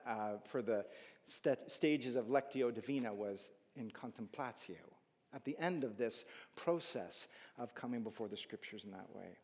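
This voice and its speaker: A man preaching a sermon in a lively, animated manner, jumping from loud emphatic rises to hushed asides. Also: mid-range voice. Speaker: pastor. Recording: long hall reverb.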